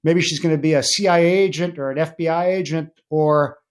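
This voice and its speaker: A middle-aged man, a podcast guest, telling family anecdotes in a casual interview, animated and full of fillers. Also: fairly quick. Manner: animated anecdotes with many fillers, rising pitch when excited.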